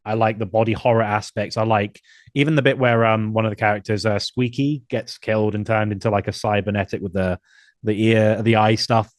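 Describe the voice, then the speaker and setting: A man's voice: on the low side, fairly even intonation, a little fast, no room sound, studio quality. A man hosting a casual film podcast, talking enthusiastically and now and then acting out lines in funny voices. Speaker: podcast host.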